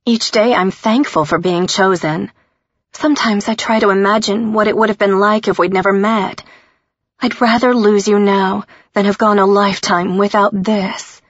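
An earnest, lovestruck young woman pleads with affection, played by a woman reading the story. The voice is husky and a touch whiny. The recording is dry and dull. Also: medium pitch, steady tone, normal speed, no echo, pitched above the performer's own voice, natural voice.

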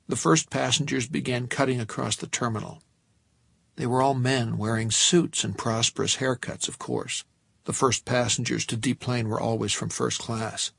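A man reads a novel aloud in the first person, in a measured, tense way. His mid-pitched voice is gravelly and husky. The sound is dry and close, with no room around it. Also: steady tone, fairly bright tone, dry recording. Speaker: audiobook narrator.

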